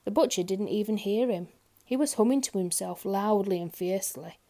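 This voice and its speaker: A woman reading a children's picture book aloud, expressive and talking directly to young listeners. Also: medium pitch, normal speed. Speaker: storyteller. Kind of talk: children's story read-aloud.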